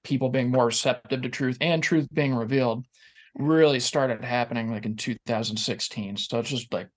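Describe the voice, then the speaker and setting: A man's voice: mid-range voice, normal speed. A man speaking earnestly and reflectively as a guest in a casual podcast conversation.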